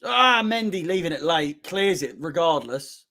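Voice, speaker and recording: A man hosting a fan watch-along, calmly breaking down the match between bursts of shouting and swearing at the players. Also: on the high side, a little slow. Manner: swings from calm analysis to shouting and swearing at players. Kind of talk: excitable fan match commentary.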